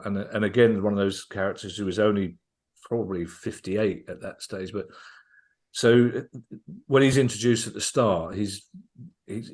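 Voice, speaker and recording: Low-voiced man telling a comedy anecdote. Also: a little mellow. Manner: enthusiastic anecdote-teller, restarting sentences as he goes. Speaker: guest comedian. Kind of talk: casual podcast storytelling.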